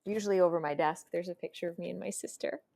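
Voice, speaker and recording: Reflective woman with a low voice. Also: steady tone, quick pace, gravelly. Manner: warm, reflective, laughs often. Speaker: voice actor guest. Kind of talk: conversational interview.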